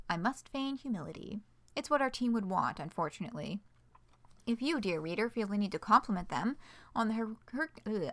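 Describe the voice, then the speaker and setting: A woman's voice: fairly high pitch, a bit bright. A woman streamer reading a fan project announcement aloud, breaking off for playful, dry asides.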